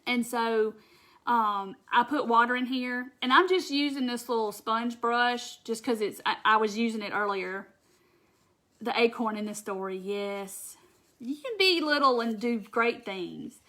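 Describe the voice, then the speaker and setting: A woman's voice: on the high side, measured pace, bright, forceful tone. A Southern woman from Mississippi hosting a casual craft livestream, folksy and chatty, reading viewer comments aloud.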